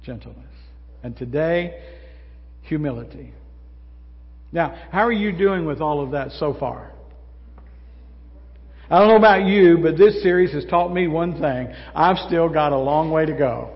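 An older man delivers a folksy sermon from the pulpit, his voice sitting a little high for a man. He talks to the congregation as if chatting and keeps asking them questions. The sound is slightly muffled and rings with a long church reverb. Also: unhurried, long pauses. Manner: folksy, conversational preaching with rhetorical questions. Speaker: pastor. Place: church sanctuary.

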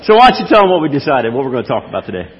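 A man co-preaching in a church, playful and teasing, his voice rising and falling a lot as he talks. He sounds a little husky. The sound is dull and lo-fi, with a long reverb from the hall. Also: medium pitch, big pitch swings. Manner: playful, teasing, quick to laugh. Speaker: pastor. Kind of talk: team-preached sermon banter.

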